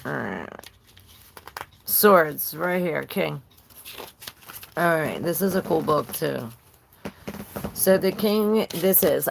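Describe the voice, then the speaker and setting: Woman, tarot reader, live stream, unhurried pace, gravelly fry, rambling, talks to chat. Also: sits low, expressive. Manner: rambling, chats with live viewers between card readings.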